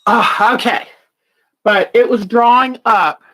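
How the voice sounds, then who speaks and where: A woman's voice: a little high, slow pace, fairly bright tone. A woman hosting a quilting show in casual livestream chat, chatty and often giggling. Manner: chatty, giggly, chuckles between words.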